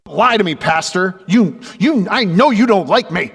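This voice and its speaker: A woman's voice: mid-range voice, expressive, moderate pace, in a large hall, slight background noise, close to an everyday voice. A man quoting a blunt, cranky old woman. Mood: accusing. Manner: blunt, accusing.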